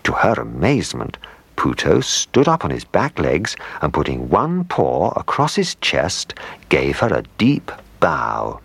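A man's voice: extremely low pitch, wildly swooping pitch, unhurried, vocal fry, a bit bright, breathy edge, no echo. A man reading a children's story aloud, playful, with asides to the listener.

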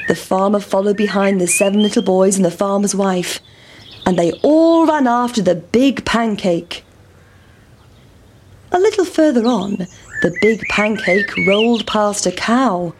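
Woman reading a children's story, slow, clear, measured, faint hiss. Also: medium pitch.

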